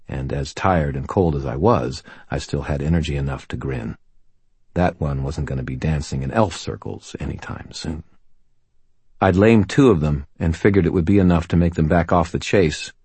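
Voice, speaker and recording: A man with an extremely low, husky voice narrates a first-person story. His delivery is dry and wry, with a touch of humor. The recording is close and dry, with no room sound. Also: darkish tone, dry recording. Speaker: audiobook narrator.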